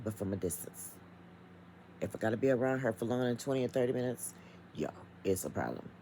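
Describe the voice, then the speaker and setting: Very deep-voiced, animated woman vlogger. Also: slight background noise, poor audio. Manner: emphatic and chatty, addresses viewers directly. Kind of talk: casual vlog rant.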